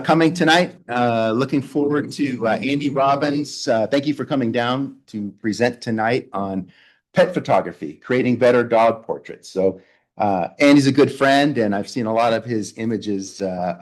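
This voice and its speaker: A man hosting a photography club meeting, introducing the evening's speaker in a halting way as he reads from his handwritten notes. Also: on the low side, darkish tone.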